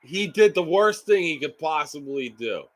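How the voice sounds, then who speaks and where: A man's voice: fairly high pitch, lively intonation, moderate pace. A man live streaming a football game, ranting and swearing in frustration at his team's play.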